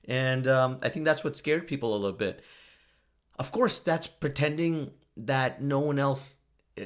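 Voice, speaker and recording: A man hosting a solo podcast, rambling and joking, laughing often at his own remarks. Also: mid-range voice. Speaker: podcast host.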